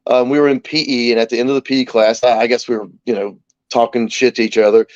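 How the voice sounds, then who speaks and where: A man in his forties, a talk show guest, telling stories in a casual, lively way and acting out the voices of the people in them. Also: mid-range voice, fast talker, dry recording, highs cut off. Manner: animated anecdote teller, acts out quoted voices. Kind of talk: casual storytelling.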